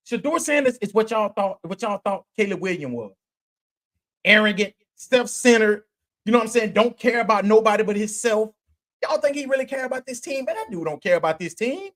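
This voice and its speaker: A man hosting a podcast, ranting about college football in a blunt, slangy way, firing off rhetorical questions and restarting phrases as he goes. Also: sits high. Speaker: podcast host. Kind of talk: sports commentary rant.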